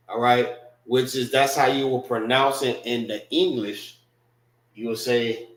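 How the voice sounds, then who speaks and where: Slow-paced man teaching in an echoey room. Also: medium pitch, fairly even intonation, fairly bright tone. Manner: slow, repetitive, drills pronunciation syllable by syllable; loose, conversational phrasing with frequent "know what I mean". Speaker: language class teacher. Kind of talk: classroom language lesson. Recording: roomy echo.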